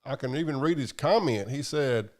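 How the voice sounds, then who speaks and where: A man's voice: mid-range voice, expressive, moderate pace, a little mellow. A man hosting a live stream, chatting casually and profanely while reading viewer comments. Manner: rambling, profane, drawling. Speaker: livestream host.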